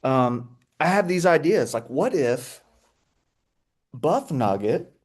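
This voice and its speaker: A man, presenting a webinar over a video call in an excitable, playful way with frequent restarts. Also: a little high, slow pace. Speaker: edtech presenter. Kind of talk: energetic webinar talk.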